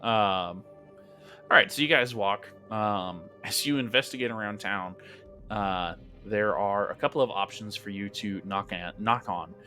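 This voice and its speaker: A man runs a tabletop game with casual, joking narration and plenty of fillers. His voice is bright and sits a little low. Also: unhurried, faint music behind. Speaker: game master.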